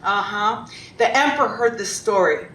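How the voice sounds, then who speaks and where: A woman telling a story to children in an animated way, asking them questions as she goes. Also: moderate pace. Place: congregation hall. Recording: roomy, distant, faint rumble.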